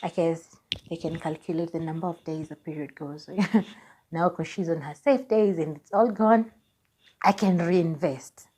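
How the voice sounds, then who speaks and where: A young Kenyan woman in her twenties telling a personal story on her vlog, lively and laughing as she acts out what people said. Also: deep voice, a little slow, husky. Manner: animated, laughing, acts out dialogue. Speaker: vlogger.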